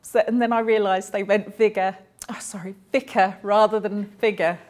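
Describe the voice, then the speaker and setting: Woman voicing someone's stories out loud, chatty, corrects herself now and then. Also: medium pitch, fairly even intonation, moderate pace. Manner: chatty, anecdotal storytelling with small self-corrections.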